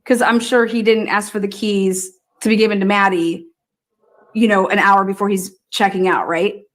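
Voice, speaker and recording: Speaking at a normal speed in a steady mid-range voice, a woman hosts a true crime livestream. It's a profane, casual rant: loud, sweary and punctuated by lots of cackling.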